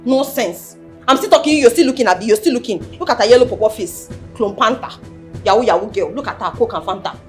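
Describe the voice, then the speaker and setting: A woman with a Nigerian accent playing a brash, loud-mouthed young village woman who rants and hurls insults in pidgin. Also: on the high side, lively intonation, fast talker, soft background music, natural voice. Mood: scornful.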